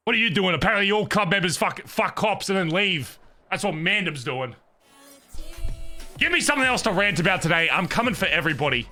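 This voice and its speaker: Loud, bright-voiced ranting male streamer. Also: sits high, animated, brisk. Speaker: livestreamer playing a roleplay game. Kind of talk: casual streaming chat and ranting.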